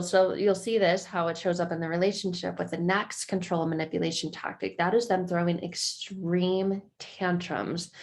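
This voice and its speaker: A woman speaking earnestly to camera in an advice video, now and then acting out quick quoted exchanges. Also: fairly low pitch, darkish tone. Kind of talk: talking-head advice video.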